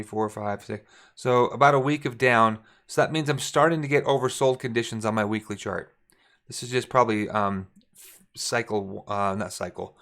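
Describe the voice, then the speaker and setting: A man guides viewers through forex charts on his shared screen, relaxed and thinking out loud, often stopping to correct himself mid-sentence. He has a mid-range voice.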